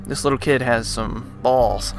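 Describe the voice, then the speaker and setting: A man hosting a let's play, reading a visual novel's narration aloud and breaking off into animated, joking rants. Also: mid-range voice, takes it slowly, faint music behind. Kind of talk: reading game text aloud with commentary.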